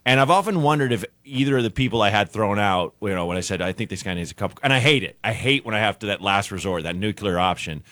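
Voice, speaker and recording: A man, a comedian guest on a radio show, telling an anecdote in an animated way, acting out the people in it. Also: fairly low pitch, fast talker, few pauses, no echo. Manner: animated, acts out voices in anecdotes. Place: radio studio.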